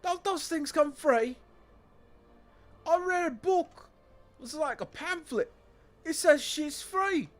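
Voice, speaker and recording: A man voicing a whiny, high-pitched striking worker who grumbles in rising, questioning tones. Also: animated, slow, pauses often, faint music behind, exaggerated voice. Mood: whining.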